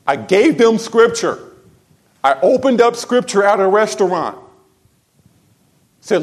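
A man pastor preaching a sermon to his church, telling a story and swinging from quiet, low asides to loud, raised exclamations. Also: expressive, normal speed.

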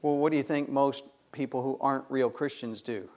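A man's voice: medium pitch, fairly even intonation, a little fast, a little mellow. A middle-aged man preaching a sermon, emphatic and full of rhetorical questions put to the congregation. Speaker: pastor.

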